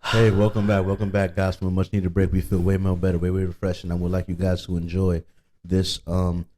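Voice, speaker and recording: A man's voice: deep voice, monotone, fairly quick, mellow, a little hiss or hum, rough recording. A man with a Detroit accent hosting a podcast, talking casually and animatedly, swearing freely and repeating "you know what I mean.". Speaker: podcast host.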